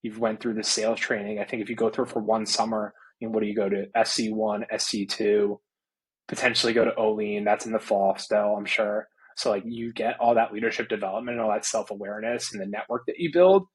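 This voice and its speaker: Husky-voiced young man, relaxed chat. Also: on the low side, a little fast, low-quality recording. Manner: relaxed, heavy use of "like". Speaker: interview guest, recruiter. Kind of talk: casual conversational interview.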